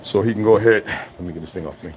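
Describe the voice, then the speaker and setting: A man's voice: low-pitched, fast talker, a little mellow, a little hiss or hum. Blunt, profane man ranting at home. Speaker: channel host. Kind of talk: casual rant and reading aloud.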